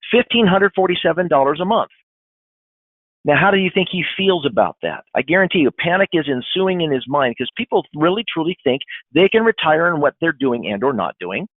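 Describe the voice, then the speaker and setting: A man in his fifties giving an animated, emphatic sales training webinar, acting out what clients say. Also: fairly high pitch, dry recording. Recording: dry, phone-like webinar audio.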